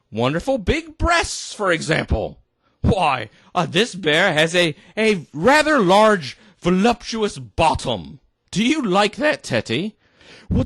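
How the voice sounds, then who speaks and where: A man's voice: high-pitched, a bit bright, dry recording, studio quality, exaggerated voice. A tipsy man putting on an accent to voice a prim, condescending woman teacher explaining things to a teddy bear. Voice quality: put-on accent. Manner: sing-song, condescending explaining.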